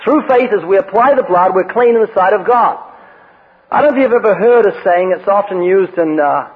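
A man with a high voice preaches a sermon, telling stories and acting out quoted lines with emphasis. The sound is thin and phone-like, like an old radio broadcast, with a long echo trailing behind him. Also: fairly quick, husky.

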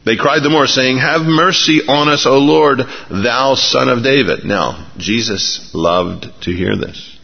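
A man preaching a sermon, sometimes acting out the people in his story in raised, animated voices. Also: medium pitch, slightly rough. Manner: acts out biblical characters in lively raised voices. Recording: dull recording in a reverberant hall.

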